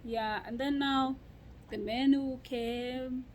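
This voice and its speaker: A woman's voice: sits high, slow pace, slight background noise, poor audio. Chatty Kenyan woman telling stories. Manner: animated storytelling with frequent laughs and restarts. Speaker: vlogger. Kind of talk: casual chat.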